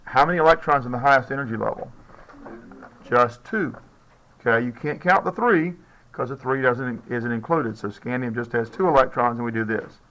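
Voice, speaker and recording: A man teaching chemistry to a classroom of students. His pitch sits in the middle range, and he speaks in a loose, chatty way. He jokes now and then and keeps checking whether the class is following. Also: normal speed, a bit bright, rough recording. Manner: casual, joking, checks in with students often. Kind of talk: classroom lecture.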